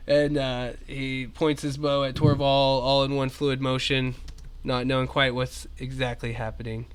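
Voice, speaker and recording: Bright-voiced game master. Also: male voice, medium pitch, normal speed, smooth. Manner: relaxed, chatty with fillers. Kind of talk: narrating a tabletop game.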